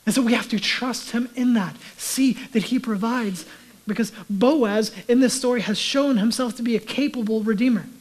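A man giving a sermon as a pastor, talking conversationally and dropping to a hushed whisper for emphasis. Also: very high-pitched, normal speed, rough recording.

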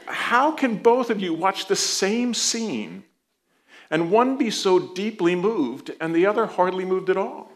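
Pastor guy preaching, pretty high voice, chatty and playful, soft when he prays. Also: lively intonation, normal speed. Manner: conversational, playful storytelling with asides; soft, low prayer voice. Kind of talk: sermon.

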